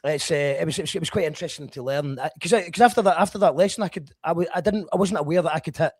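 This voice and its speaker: Male podcast host, fast, slightly high, chatty and self-deprecating. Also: slightly rough. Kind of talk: casual chat.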